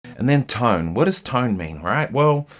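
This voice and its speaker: A man giving a casual guitar lesson, chatting in a relaxed, rambling way with lots of fillers and asides, guitar in hand. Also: mid-range voice, a little slow. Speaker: guitar teacher. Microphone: single mic, holding guitar while talking.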